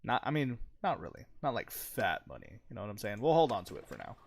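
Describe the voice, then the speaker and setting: A man's voice: lowish voice, big pitch swings, fast talker, creaky, dry recording. A man giving casual, chatty commentary over his own gameplay, swearing freely and laughing often as he talks to his viewers. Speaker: gaming channel host.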